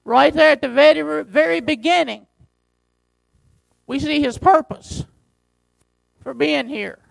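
A man pastor preaching a sermon, reading scripture slowly and driving his points home with emphasis. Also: very high voice, creaky, no room sound, low-quality recording.

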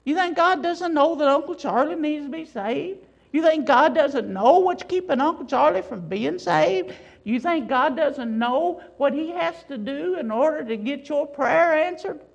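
A woman preaching a sermon in a high voice with a gravelly, creaky texture. She drives her points home with one rhetorical question after another, in an emphatic delivery. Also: expressive, measured pace, dull audio.

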